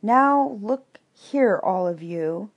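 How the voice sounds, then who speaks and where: Storybook owl, male, pedantic and pompous, put on by a woman reader, unhurried delivery. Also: medium pitch, lively intonation, lo-fi sound, exaggerated voice. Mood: lecturing. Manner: lecturing, pedantic.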